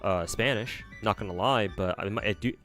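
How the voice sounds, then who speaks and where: Young man, casual stream chat, rambling, somewhat low pitch, faint background music. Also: moderate pace, a bit bright. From United States. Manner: rambling, many fillers and restarts. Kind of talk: casual chat answering viewers.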